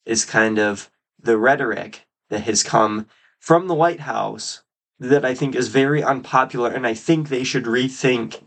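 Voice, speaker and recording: A man hosting his own podcast, giving solo political commentary with emphatic, drawn-out stresses on key words. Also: mid-range voice. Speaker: podcast host.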